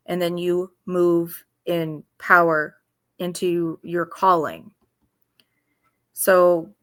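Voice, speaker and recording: A woman giving informal devotional teaching in an earnest, halting way, with pauses and restarts. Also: lowish voice, fairly bright tone. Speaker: faith video host.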